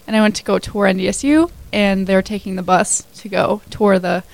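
A woman's voice: mid-range voice, fairly even intonation, a little fast, creaky, poor audio. A woman in her twenties, a new hire telling her story as a guest in a casual radio interview, chatty with many fillers. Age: 20s.

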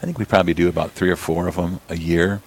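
Quick-paced and fairly even in intonation, this low-voiced deacon from South Dakota speaks for an abbey during an informal radio studio interview. Into a studio mic, with headphones on, he rambles and restarts often.

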